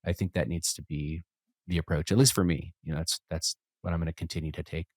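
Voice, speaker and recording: A man talking as a podcast guest in a relaxed, reflective, rambling way with frequent restarts. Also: low voice, quick pace, no echo. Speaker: podcast guest, musician and entrepreneur. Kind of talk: casual conversation.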